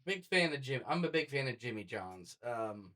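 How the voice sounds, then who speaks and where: Bright tense-sounding guy around 40 telling a story a bit back from the mic, does all the voices. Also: medium pitch, moderate pace, recorded from a distance. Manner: animated storyteller, acts out dialogue. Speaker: podcast co-host. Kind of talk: casual storytelling.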